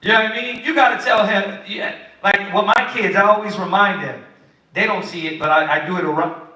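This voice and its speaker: A man teaching the Bible in a lively, preachy way, acting out what kids and parents say. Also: high voice, a little fast. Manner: animated, preachy, acts out quotes of kids and parents. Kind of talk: sermon-style teaching. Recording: echoey room, far from the mic.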